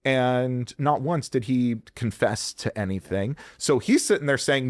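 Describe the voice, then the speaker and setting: A man speaking bluntly and with energy in a podcast interview, swearing freely and acting out quoted voices. His voice sits at a middle pitch. It is recorded dry and close on a studio mic. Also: normal speed, hardly any pauses, no echo. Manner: blunt, profane, animated, acts out quoted voices. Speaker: employment lawyer guest. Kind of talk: candid advice in a podcast interview.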